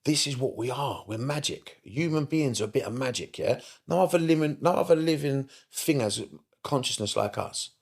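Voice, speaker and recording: A middle-aged man, a therapist guest on a casual podcast, talking in an animated way, swearing often and repeating himself for emphasis. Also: mid-range voice, normal speed, creaky, slightly rough. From United Kingdom.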